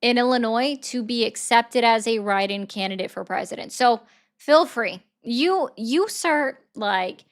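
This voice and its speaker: A woman's voice: fairly high pitch, measured pace, a bit bright. A woman hosting a livestream in a casual, rambling way, answering viewer comments and thanking viewers. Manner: chatty, rambling, reads viewer comments aloud. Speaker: livestream host.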